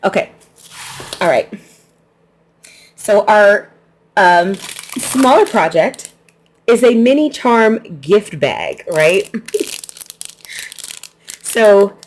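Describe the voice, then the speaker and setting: A woman's voice: medium pitch, expressive, slow, long pauses. A woman hosting her quilting channel, chatting casually through an unboxing, laughing easily and restarting her sentences.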